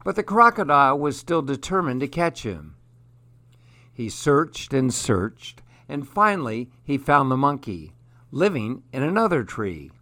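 A man reading a children's story aloud in a measured, unhurried way. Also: medium pitch, very animated, pushed and bright.

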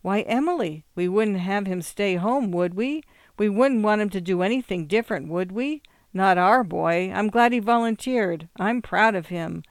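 A reader voicing a heartbroken middle-aged man in a storybook, shouting in anger. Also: medium pitch, normal speed, no echo, studio quality, close to an everyday voice. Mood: pleading. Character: middle-aged man, grieving, bursting into rage. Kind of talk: audiobook reading.

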